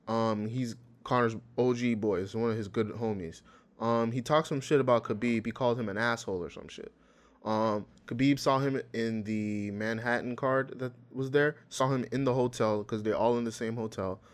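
A man's voice: mid-range voice, normal speed. A man in casual chat, animatedly retelling a story and acting out what people said. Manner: animated storytelling, acts out quotes.

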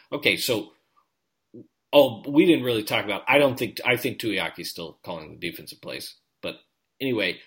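A man chats about football as a podcast co-host, animated and quick to restart his sentences. His voice swings widely in pitch and has a bright, forward tone. The talk is loose and conversational. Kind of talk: casual sports chat.

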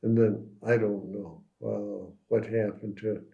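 A man with a low voice sharing researched local history in an easy, conversational way. He pauses and fills gaps as he works through the details. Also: fairly even intonation, vocal fry, highs cut off. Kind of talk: casual conversation.

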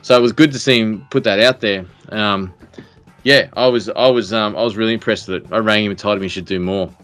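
A man's voice: on the low side, brisk, a bit bright, soft background music. A man with an Australian accent, co-hosting a podcast in rambling, jokey casual banter full of fillers and restarts. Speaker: podcast co-host.

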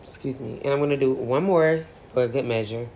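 A woman's voice: rumbling low, brisk, warm tone, a little hiss or hum. A woman hosting a podcast in casual solo chat, chatty and playful, laughing often and swearing freely. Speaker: podcast host.

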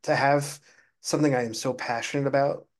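A man co-hosting a casual gaming podcast, easygoing and quietly enthusiastic. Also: medium pitch, fairly even intonation, fairly quick. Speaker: podcast co-host.

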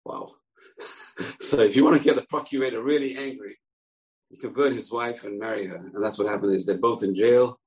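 A man teaching through an animated storytelling lesson. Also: fairly low pitch, normal speed, low-quality recording.

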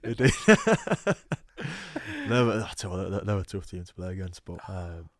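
A man's voice: sits low, very animated, normal speed, no room sound. A man with a thick Yorkshire accent, a rugby player guest telling stories in a casual studio chat, laughing often and repeating words as he talks. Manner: chatty storyteller with frequent laughs and repeated words. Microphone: studio microphone.

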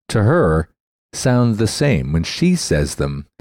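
A man hosts a tech podcast in a casual, explanatory way. His voice sits very low, recorded dry with no room sound. He often stops to spell a word out letter by letter. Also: big pitch swings, slow pace, darkish tone, no echo. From Canada. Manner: chatty, spells words out letter by letter. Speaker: podcast host.

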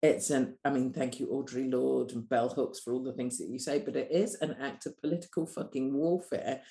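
Blunt, sweary low-voiced woman. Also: normal speed, echoey room. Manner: blunt, passionate, sweary, animated. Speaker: guest, doula and coach. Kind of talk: candid podcast conversation.

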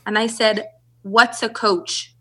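A woman's voice: medium pitch, little pitch movement, slow pace, a bit bright. A woman, a relationship and business coach, telling her story as a podcast guest and acting out the voices of people she quotes.

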